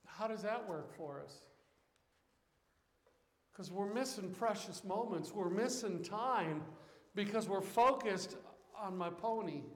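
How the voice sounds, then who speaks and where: A man with a very high voice preaches a sermon in a church sanctuary. He swings from fervent shouts down to hushed, close appeals. His voice rings with the long reverb of a big, roomy hall. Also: takes it slowly, pauses often. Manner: passionate preaching, rising to shouts and dropping to quiet. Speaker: pastor.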